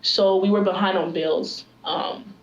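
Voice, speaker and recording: Brief: woman guest, candid emotional storyteller, mid pitch. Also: fairly even intonation, measured pace, lo-fi sound. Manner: emotional, many "like" fillers. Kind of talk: casual interview storytelling.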